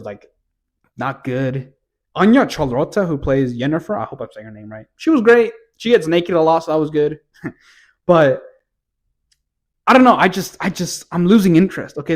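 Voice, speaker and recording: A man giving a casual, profane, rambling rant while reviewing TV shows. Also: medium pitch. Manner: profane, exasperated, rambling with restarts.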